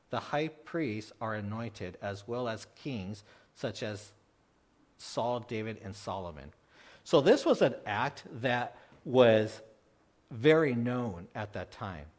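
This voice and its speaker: A man preaching a conversational sermon, animated, asking his listeners questions and acting out the people in the story. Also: mid-range voice, takes it slowly. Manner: animated, asks the congregation questions; acts out quoted voices, with frequent restarts.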